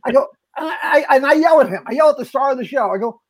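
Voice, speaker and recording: A man, an actor and comedian, telling set stories in casual chat, animated and full of stammered restarts. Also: extremely high pitch, fast talker. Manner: animated, acts out quoted voices, stammering restarts.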